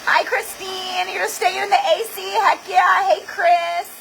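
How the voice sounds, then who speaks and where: Hosting a craft livestream, a woman chats animatedly and dramatically, packing her stories with "like." Her very high-pitched voice moves at a measured pace with vocal fry. The computer or camera mic gives poor audio with a little hiss or hum.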